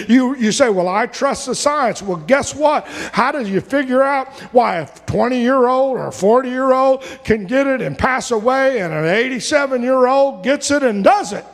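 High-voiced preacher in a reverberant hall. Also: male voice. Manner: preaching with rising shouts and repetition. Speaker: pastor. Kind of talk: sermon.

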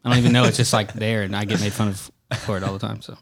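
A podcast host with a Southern accent speaks in a lowish voice, recorded dry and close. He jokes and teases his guests in a relaxed way. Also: rapid-fire, vocal fry, no room sound. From North Carolina. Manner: joking, teasing. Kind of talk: casual chat.

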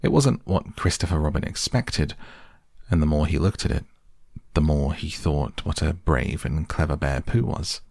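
A man with a gravelly, husky voice reading a children's storybook aloud in a gentle, measured way. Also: very deep voice, no room sound, studio quality.

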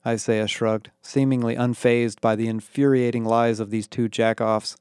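A man reading an audiobook aloud with a wry, deadpan delivery, voicing the characters as he goes. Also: medium pitch, unhurried, hardly any pauses, clean tone, no room sound, studio quality. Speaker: audiobook narrator. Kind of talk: scripted narration with character voices.

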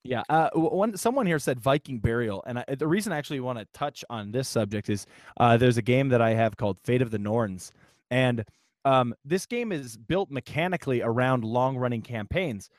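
A man's voice: mid-range voice, lively intonation, normal speed, no room sound, studio quality. A man hosting a casual podcast about tabletop games, easygoing and explanatory. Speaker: podcast host. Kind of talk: casual chat.

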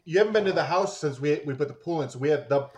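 A man joining a casual podcast chat, who talks haltingly and restarts often. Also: on the high side, lively intonation, darkish tone.

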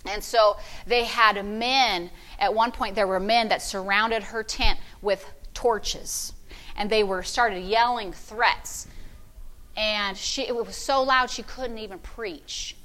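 A woman pastor preaching a fervent sermon, with call-and-response and sudden loud shouts of praise. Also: mid-range voice, steady tone, takes it slowly.

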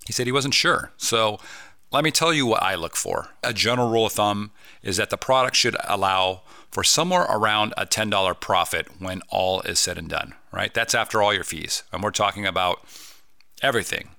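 A man's voice: lowish voice, expressive, a little fast, creaky, pushed and bright, no room sound, studio quality. A man hosting a podcast, talking casually and upbeat, often asking listeners rhetorical questions. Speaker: podcast host. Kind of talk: casual solo podcast talk.

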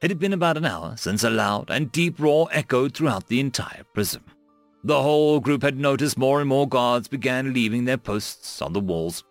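A man's voice: medium pitch, animated, normal speed, no room sound, faint music behind. A man reading a science fiction story aloud as narrator. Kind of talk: scripted narration.

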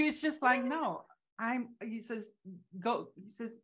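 A woman with a medium-pitched, animated voice talks casually and reflectively. She speaks haltingly, restarting often, and acts out the voices of people she quotes.

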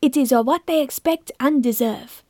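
A woman voicing a slim, grand-mannered Frenchman, talking slowly and lingeringly. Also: high voice, a little mellow, dry recording, studio quality. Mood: fussy, seductive. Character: suave slim Frenchman, cheese expert, grand temperament.

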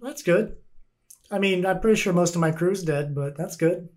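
Upbeat higher-voiced male game master. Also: a little mellow. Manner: casual, laughing, quick asides. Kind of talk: narrating a tabletop game.

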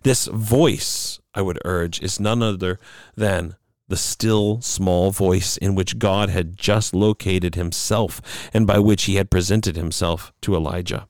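Hombre de voz grave y seca, lección bíblica. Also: male voice, sits low, steady tone, slow, no room sound, clean studio sound. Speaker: Bible teacher. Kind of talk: reading a Bible study lesson.

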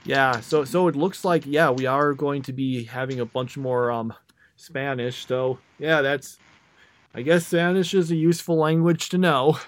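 A young man chats casually on a podcast, his medium-pitched voice wandering through thoughts. He rambles with frequent fillers and self-corrections, never quite landing his sentences. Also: steady tone, unhurried. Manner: rambling, many fillers and restarts. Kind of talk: casual chat.

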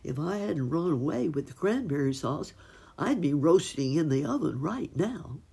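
A woman voicing a grateful, excitable turkey gentleman in a storybook reading. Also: deep voice, moderate pace, creaky, slightly rough, full character voice. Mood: eager. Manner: excited, gobbling.

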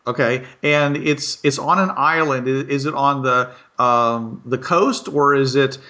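A man's voice: medium pitch, unhurried, pushed and bright. A man hosting a casual chat, chuckling often and asking clarifying questions. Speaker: host.

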